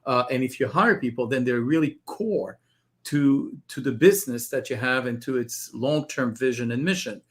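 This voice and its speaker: A man guest on an interview, explaining technology in a measured way and repeating words as he starts a thought. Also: medium pitch, lively intonation, a bit bright. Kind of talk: interview answers.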